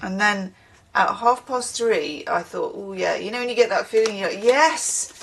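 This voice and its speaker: A woman's voice: mid-range voice, moderate pace, gravelly, a bit bright, a little hiss or hum. A tired woman giving a casual tarot reading, chatty and digressive, with the odd casual swear word. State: tired from little sleep. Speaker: tarot reader.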